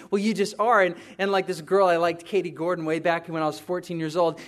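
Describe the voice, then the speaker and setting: Man, high-pitched, pastor, conversational sermon, quiet then emphatic. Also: fairly even intonation, quick pace, hardly any pauses. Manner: conversational preaching, swings from hushed to emphatic.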